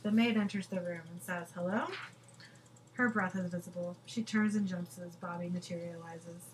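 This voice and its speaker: A woman hosting a podcast, briskly reading out scene descriptions and dialogue from a TV episode in a matter-of-fact way. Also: on the low side, steady tone, slight background noise, poor audio.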